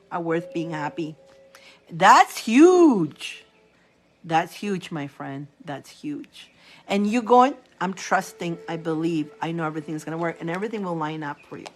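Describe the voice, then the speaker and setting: Chatty, animated woman reader. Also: medium pitch, slight background noise. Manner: animated and chatty, laughing often. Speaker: spiritual reader on a live stream. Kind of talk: casual live-stream chat.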